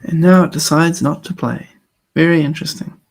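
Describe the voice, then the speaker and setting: A man's voice: fairly high pitch, brisk, gravelly, rough recording. A man leading a class chats casually to his audience while fumbling with technology, in a wry, easygoing way. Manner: chatty, wry, fumbling with tech. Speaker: class leader.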